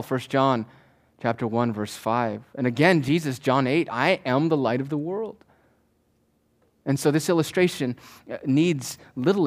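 A man preaching a sermon as pastor to his congregation, swinging between loud emphatic lines and hushed asides. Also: medium pitch.

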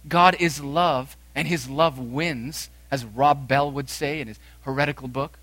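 Male preacher, sermon, bright forceful tone, dry close sound, emphatic swings from loud to hushed. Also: steady tone, unhurried, no echo. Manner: dramatic swings from loud emphatic declarations to quiet low phrases.

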